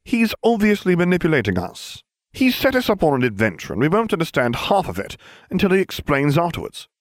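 A man's voice: fairly high pitch, huge pitch swings, brisk, no echo, studio quality, pitched above the performer's own voice. A man voicing a prim, bossy teenage schoolgirl who lectures in an exasperated tone, in an audiobook reading. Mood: lecturing.

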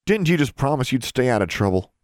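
A man's voice: mid-range voice, sing-song, quick pace, a little mellow, no room sound, studio quality, voice pushed up, natural voice. A man voicing a proud, protective teenage boy who sounds weary and earnest in a storybook reading.

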